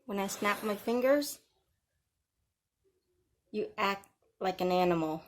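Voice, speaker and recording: A woman's voice: mid-range voice, slow pace. A woman ranting in a vlog, giving mocking, bossy commands. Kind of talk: taunting vlog rant.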